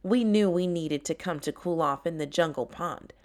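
A woman voicing an energetic, excitable young female tiger in a storybook. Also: lowish voice, moderate pace, lightly acted. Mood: excited.

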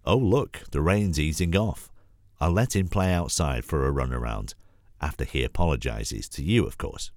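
A man's voice: expressive, normal speed, darkish tone, no room sound, studio quality. A man with a cold voicing a kindly, motherly grandmother who soothes and scolds. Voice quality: cold-roughened deep voice. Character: kindly fussing old grandmother.

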